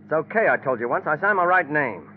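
A man's voice: on the high side, big pitch swings, quick pace. An actor playing a cold, scheming man who plans to murder his fiancee, in an old-time radio drama, with a sneering and impatient manner. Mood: irritated. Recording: lo-fi phone-like old radio recording with hiss.

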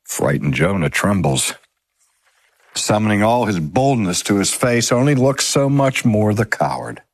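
A man reading aloud a sermon from a novel in a measured, dramatic way. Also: fairly low pitch, very animated, no echo. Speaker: reader. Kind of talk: scripted narration of a sermon from a novel.

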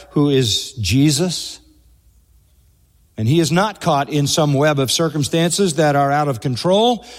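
A male preacher delivering an expository sermon, pressing his points with rhetorical questions and slowly stressed lists. His voice sits a little high for a man. It rings out with the long reverb of a large hall.

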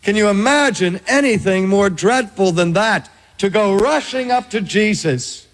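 A man preaching a sermon, slow and dramatic, with heavy emphasis and long pauses. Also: sits high, animated. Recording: long hall reverb.

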